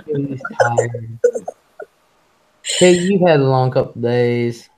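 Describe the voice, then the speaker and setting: A man hosting a casual live stream. He talks fast, swears freely and reads chat messages aloud. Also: medium pitch, a little mellow.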